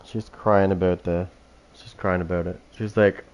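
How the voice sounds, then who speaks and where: A man's voice: sits low, little pitch movement, normal speed, darkish tone, muffled recording. A man streaming a game live, commentating with brash, foul-mouthed trash talk. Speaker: streamer playing a killer.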